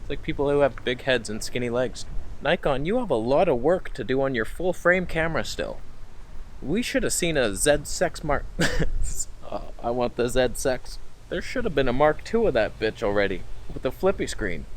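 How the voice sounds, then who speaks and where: A man's voice: mid-range voice, big pitch swings, normal speed, a little hiss or hum. A man ranting sarcastically in a camera review vlog, swearing often, recorded outdoors.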